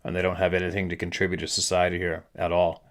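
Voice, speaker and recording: A man's voice: low-pitched, monotone, fast. A middle-aged man from Canada, hosting his channel, delivering a frustrated, profane ranting monologue. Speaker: channel host.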